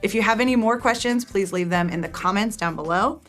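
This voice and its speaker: Female video teacher, clear friendly explainer, mid-pitched voice, light music bed. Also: brisk, a bit bright. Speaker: test prep teacher.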